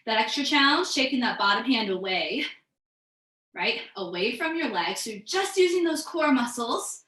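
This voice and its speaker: Female yoga instructor, bright upbeat cueing, a little breathless, echoey room. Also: on the high side, big pitch swings, normal speed. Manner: upbeat, encouraging, calls out breaths and poses. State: a bit out of breath. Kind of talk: live online yoga class cues.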